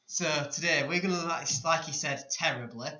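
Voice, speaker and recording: A man's voice: on the high side, moderate pace, sharp tone. A man hosting a casual sports podcast, dry and mock-exasperated as he keeps the chat on track. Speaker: podcast host. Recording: roomy, muffled lo-fi home recording.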